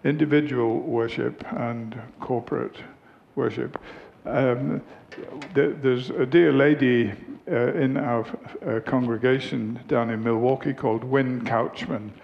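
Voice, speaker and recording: A man, a pastor, preaching a sermon, telling a story in an unhurried way with frequent hesitations. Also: mid-range voice, steady tone, creaky. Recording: dull lo-fi recording with faint background noise.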